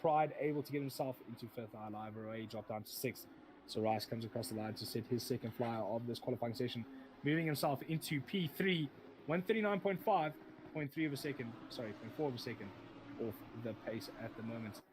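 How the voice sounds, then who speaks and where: A man's voice: medium pitch, animated, brisk. Man, sim racing commentator, live commentary, rambling, self-correcting, engine noise behind.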